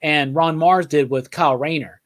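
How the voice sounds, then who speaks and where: A man with a fairly high voice talks comics in an eager, rambling way. He often starts over and keeps checking in with the others. It is a loose, casual chat over a couple of beers. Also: fairly even intonation, moderate pace. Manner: enthusiastic, rambling with restarts and frequent "right?". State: drinking beer while talking. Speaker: podcast co-host.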